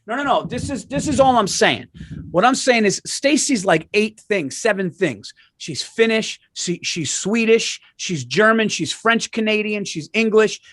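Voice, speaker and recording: A man co-hosting a podcast, telling animated comedic stories with lots of swearing and restarts. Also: sits high, a little slow, no echo, studio quality. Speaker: podcast co-host. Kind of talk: casual comedic chat.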